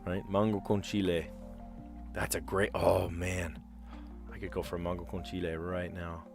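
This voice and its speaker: A man's voice: deep voice, flat delivery, moderate pace, creaky, over music. A man chatting casually on a puzzle live stream, rambling and explaining where words come from. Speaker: streamer playing word puzzles.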